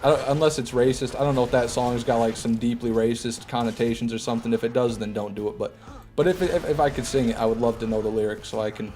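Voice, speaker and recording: A man's voice: mid-range voice, steady tone, quick pace, a little mellow. Joking American man streaming games. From Michigan, USA. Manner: joking, rambling, talks to chat. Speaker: gaming streamer. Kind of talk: casual livestream commentary.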